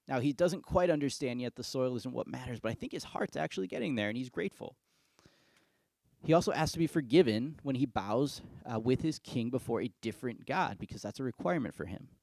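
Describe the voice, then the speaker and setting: A male pastor giving a sermon, reading scripture and retelling it in a casual, conversational way with lively asides. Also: medium pitch, a little fast, gravelly, no room sound.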